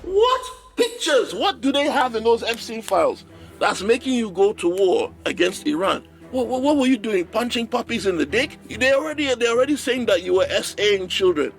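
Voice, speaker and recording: A man's voice: high-pitched, expressive, brisk, creaky. A man ranting sarcastically in a comedic political commentary, pushing into mock outrage.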